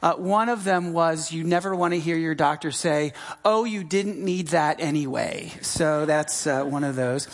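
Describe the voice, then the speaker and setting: A middle-aged American pastor delivers a sermon in a medium-pitched voice, unhurried and with hardly any pauses. He's conversational and emphatic, repeating key phrases and using frequent fillers and restarts.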